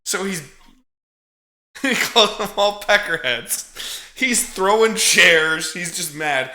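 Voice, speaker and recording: Bright-voiced man, chuckling film recap. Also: high-pitched, animated, slow, echoey room. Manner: profane, chuckling storyteller. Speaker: podcast co-host recapping a film.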